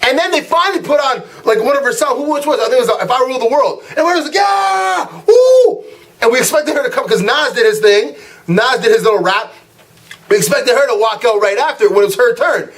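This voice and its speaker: A young man with a high voice rants about a night out for his vlog audience. He tells it in a lively, loose way, acting out quotes and tripping over his words with fillers and restarts. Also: fast talker. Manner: animated storytelling, acts out quotes, frequent "like" and restarts. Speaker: vlog host. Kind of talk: casual rant to camera.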